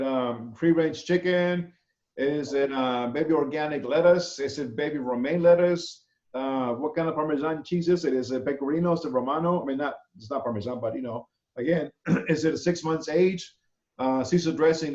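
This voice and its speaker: A male culinary instructor with a somewhat high voice talks through student menus over a video call. He pauses often, repeating words and filling gaps with "uh" and "um." The audio comes through roomy and dull, like a low-grade online class recording. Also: darkish tone. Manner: halting, many fillers and repeated words.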